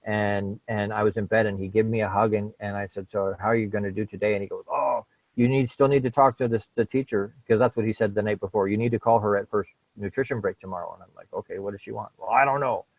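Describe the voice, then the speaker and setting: Middle-aged guy on a podcast, lowish voice, keeps repeating himself, dry close sound. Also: fairly even intonation, quick pace, few pauses, no echo, poor audio. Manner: repeats words and restarts, emphatic about change. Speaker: podcast guest. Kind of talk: casual conversational storytelling.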